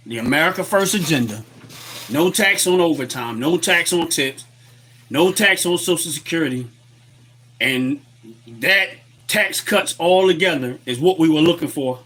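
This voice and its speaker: Using a webcam setup at his desk, a man hosts a political livestream, delivering a fired-up, repetitive rant while greeting viewers and reading chat aloud. His fairly high-pitched voice has a sharp, husky tone.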